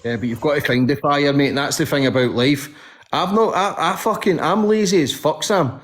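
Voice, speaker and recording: A man's voice: a little high, normal speed. A man interviewing a guest in a casual chat, talking frankly and swearing often. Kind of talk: casual conversation.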